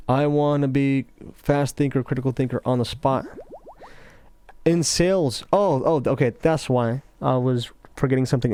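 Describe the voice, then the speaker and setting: A man giving casual, rambling commentary over gameplay, talking slowly with a laid-back, self-interrupting, somewhat mumbled delivery. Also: medium pitch, a little mellow, slight background noise. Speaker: gaming commentator.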